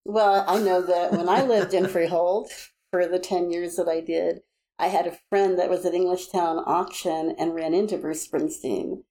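Woman, Kentucky accent, warm tone, easygoing, matter-of-fact, podcast guest. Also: fairly low pitch, fairly even intonation, moderate pace. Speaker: guest, actress. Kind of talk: casual podcast chat.

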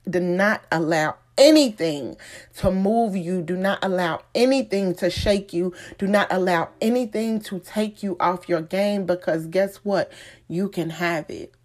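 A woman's voice: fairly low pitch, darkish tone. Emphatic woman giving a motivational talk. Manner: emphatic, repeating phrases, slowing for effect. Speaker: motivational speaker. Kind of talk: inspirational speech.

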